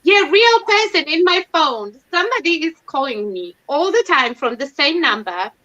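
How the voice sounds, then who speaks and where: High, bright woman chatting on a stream. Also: animated, moderate pace. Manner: chatty, self-mocking, laughs often. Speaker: livestream host. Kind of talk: casual chat. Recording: dull lo-fi stream audio.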